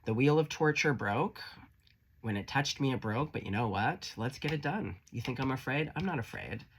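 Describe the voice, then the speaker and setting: A man's voice: medium pitch, lively intonation, normal speed, fairly bright tone, slight background noise. Defiant bold saint, as a man puts her on. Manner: scornful, swearing, steadfast.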